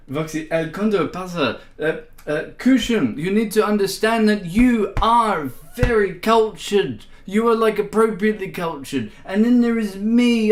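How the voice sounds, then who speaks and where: A man with an Irish accent chatting playfully on a music livestream, giggling and laughing often. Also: sits high. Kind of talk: casual livestream chat. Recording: roomy echo.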